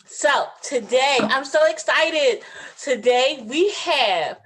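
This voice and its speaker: A woman's voice: high-pitched, expressive, slow, a bit bright. Southern woman host, bubbly, jokey, easy conversational delivery. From Southern United States. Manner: bubbly and playful, jokes and does impressions. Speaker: interview host. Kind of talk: casual interview.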